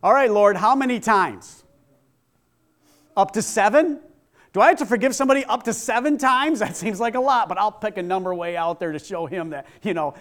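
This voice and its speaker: A man's voice: sits high, fairly bright tone. A man voicing a flustered apostle who stammers while haggling over how often to forgive. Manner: hesitant, stammering.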